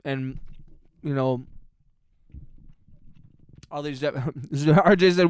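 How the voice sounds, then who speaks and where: A man hosts a casual livestream, reading out chat and cracking sarcastic jokes. His voice is a touch high and very smooth. It is recorded close to the mic with a dry, roomless sound. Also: very slow, dry recording. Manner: joking, sarcastic, reads chat aloud. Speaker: livestream host. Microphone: close mic on stream.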